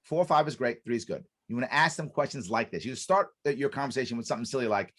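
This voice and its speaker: A man's voice: medium pitch, quick pace, few pauses. A man speaking as a podcast guest and business consultant, explaining a method emphatically, repeating key points with restarts. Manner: animated, acts out quoted dialogue.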